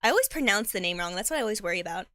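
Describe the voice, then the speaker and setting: A woman's voice: mid-range voice, expressive, rapid-fire, a bit bright, no echo, clean studio sound. A young woman streamer chatting casually while eating. She rambles, stumbles over her words, uses a lot of slang, and laughs often, sometimes talking with her mouth full. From Mexican heritage.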